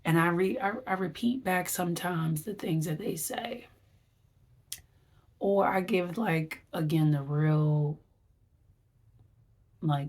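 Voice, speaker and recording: A woman's voice: lowish voice, slow pace, long pauses, a little mellow. A woman wellness vlogger giving a chatty, rambling recap, acting out her reactions as she talks. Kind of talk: casual vlog recap.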